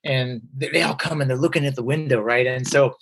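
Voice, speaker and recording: A man telling a personal story as a guest, lively, acting out the voices of people he quotes, with many fillers. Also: mid-range voice, fairly quick, gravelly, a little hiss or hum.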